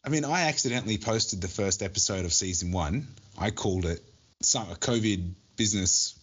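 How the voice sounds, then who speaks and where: A man co-hosts a casual podcast chat in a very low voice. He jokes around and often restarts his sentences. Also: brisk, a bit bright, slightly rough. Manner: joking, restarts often, laughs at own jokes. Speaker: podcast co-host.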